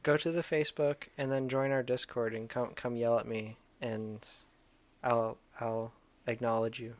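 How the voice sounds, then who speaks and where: A man's voice: mid-range voice, flat delivery, measured pace. A man co-hosting a casual podcast, joking and teasing his co-host.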